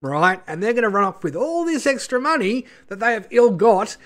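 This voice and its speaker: A man's voice: high-pitched, lively intonation, normal speed, a bit bright. A man hosting his channel, ranting in a sarcastic, scornful way with many fillers and asides. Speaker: channel host. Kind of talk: ranting commentary video.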